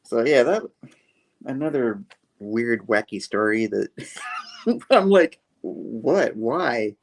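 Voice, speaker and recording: A man's voice: mid-range voice, big pitch swings, slow. Rambling man reviewing comics. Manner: rambling, laughs often, acts out scenes. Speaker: host. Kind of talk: casual comic book review.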